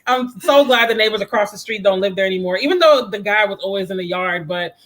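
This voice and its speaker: A man hosting a casual livestream talks straight to his viewers, wandering onto tangents and laughing often. His voice sits notably high. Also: quick pace, fairly bright tone. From United States. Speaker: livestream host.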